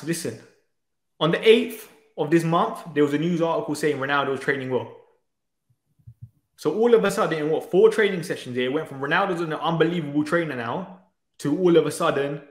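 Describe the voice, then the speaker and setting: A man's voice: a little high, a little fast, reverberant. A man, arguing insistently and with exasperation in a heated football debate. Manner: exasperated, insistent, talks over the other man. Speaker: debate guest.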